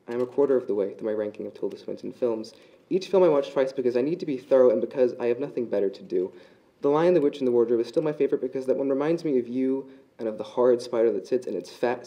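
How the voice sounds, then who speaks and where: A man reading his own short literary fiction aloud at a live reading, in a measured, dry, deadpan delivery. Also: medium pitch, low-quality recording.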